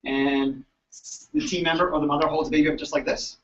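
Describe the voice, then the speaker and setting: A man tells a lively story to a convention audience and acts out the voices of the people in it. His voice sits a little high for a man. The sound is dull and lo-fi, caught from some distance off the mic. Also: brisk, background noise. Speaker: chiropractor. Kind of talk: storytelling talk to a live audience. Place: event floor at a convention.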